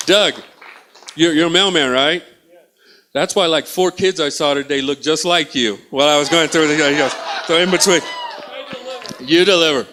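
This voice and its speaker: A man's voice: on the high side, normal speed, pauses often, pushed and bright, slight background noise. A male stand-up comedian teasing and riffing with the audience from a small theatre stage. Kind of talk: stand-up crowd work.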